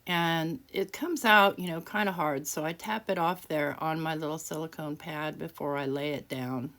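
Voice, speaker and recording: A woman with a deep, slightly bright voice narrates a craft tutorial, chatting casually as she works, poking fun at herself, and laughing often.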